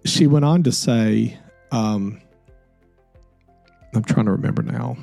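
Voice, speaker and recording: A middle-aged man, a podcast host, telling a personal story in an earnest, soft-spoken and reflective way. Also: mid-range voice, takes it slowly, creaky, no room sound, soft background music.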